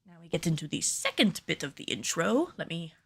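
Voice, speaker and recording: A cosplay pattern maker and streamer chats casually on a livestream while she films, nervous on camera and thinking aloud with self-deprecating remarks. Her voice is low-ish and creaky, brisk with big pitch swings, and there's background noise.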